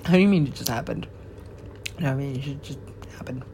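A woman's voice: very deep voice, fast talker, mellow, slight background noise. A woman talking in a rambling monologue, laughing often and dropping to whispers now and then.

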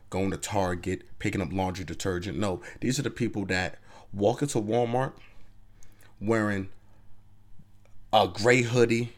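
A man hosting his own podcast, talking loosely and conversationally as he gives his opinions and keeps asking the listener to agree. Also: fairly low pitch. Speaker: podcast host. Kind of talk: casual opinion monologue.

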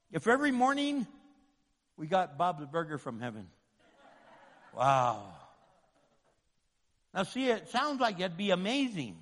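A high-pitched man preaching with humor and energy, slipping into voices for the people in his stories. The long echo of a big hall trails after each phrase. He sounds like a pastor talking straight to his congregation. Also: measured pace, pauses often. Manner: lively, humorous, acts out quoted voices. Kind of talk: sermon.

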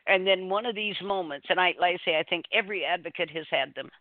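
A woman's voice: on the low side, fast, dry recording. A woman co-hosting a talk radio show, telling a story in an earnest, rambling way with many restarts. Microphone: phone call. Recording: dry, tinny phone line.

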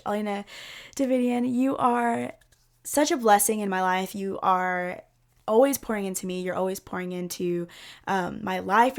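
Upbeat woman podcast host, gushy casual delivery. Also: medium pitch. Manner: gushing, upbeat, lots of likes and ums.

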